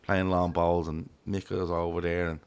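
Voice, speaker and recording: Gravelly low-voiced Irish man. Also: level tone, moderate pace. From Ireland. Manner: rambling, swears freely, acts out quotes. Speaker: podcast host. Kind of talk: casual football chat.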